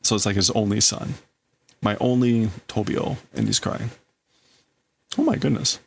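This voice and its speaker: A man's voice: on the low side, wildly swooping pitch, moderate pace, gravelly, slightly rough. Man translating manga aloud on a stream. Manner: thinking aloud, breaking up phrases, laughing at himself. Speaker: livestream host. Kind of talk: casual translating of manga on a livestream.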